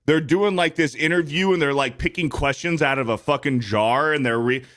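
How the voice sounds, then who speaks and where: A man with a high, bright, cutting voice rants as a podcast guest. His talk is angry, heavy with swearing and hard emphasis. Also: moderate pace. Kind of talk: heated rant in casual chat.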